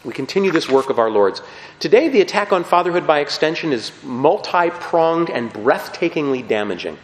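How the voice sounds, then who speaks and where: A man preaching a sermon with emphatic, animated delivery, often checking in with his listeners. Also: a little high, brisk. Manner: animated, emphatic, frequent "okay?" check-ins. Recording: roomy hall with long reverb.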